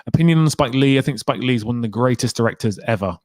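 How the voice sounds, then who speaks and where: A man hosting a livestream, answering chat questions in a relaxed, rambling way and laughing often. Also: mid-range voice, fast talker, dry recording. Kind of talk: casual chat.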